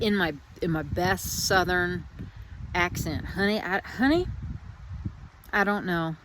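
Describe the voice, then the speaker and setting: A woman's voice: fairly low pitch, background noise. A woman musing reflectively on spiritual ideas, speaking outdoors in a meandering, searching way and repeating phrases. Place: outdoors in the wind.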